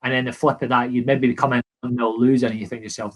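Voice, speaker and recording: A man's voice: mid-range voice, little pitch movement, fast, hardly any pauses. A man with a Scottish accent, a former footballer as podcast guest, telling stories earnestly with many restarts. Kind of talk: casual podcast chat.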